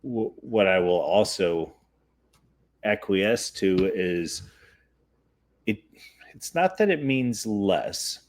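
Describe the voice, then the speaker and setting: A man with a lowish voice hosts a relaxed podcast conversation. He tells stories with ease but hunts for words and restarts when he explains his views. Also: takes it slowly, long pauses. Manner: searching, hesitant when explaining. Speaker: podcast host. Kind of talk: casual chat and storytelling.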